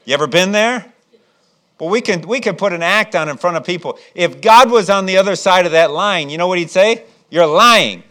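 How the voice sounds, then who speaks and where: A man's voice: sits high, a little fast, a bit bright. A man preaching a sermon as pastor, with frequent restarts, rhetorical questions and rising emphasis.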